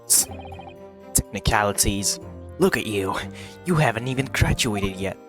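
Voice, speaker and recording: A man's voice: fairly low pitch, lively intonation, measured pace, over music. A man voicing a scornful male court officer who speaks dismissively. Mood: sneering. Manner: sneering, dismissive.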